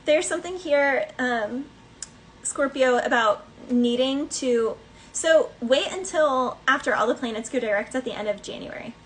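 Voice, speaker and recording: A woman's voice: sits high, a little slow, slight background noise, low-quality recording. Chatty woman giving a tarot reading. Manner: chatty and rambling, with many fillers; breaks into bits of song. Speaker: tarot reader. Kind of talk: casual collective tarot reading.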